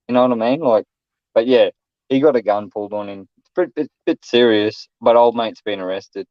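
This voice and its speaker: A man's voice: medium pitch, brisk, no echo. Australian guy, middle-aged, blunt yarn-spinner who swears a lot; muffled dry recording. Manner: blunt, swearing, acts out quotes loudly. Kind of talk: casual chat, storytelling. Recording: dull, dry lo-fi sound.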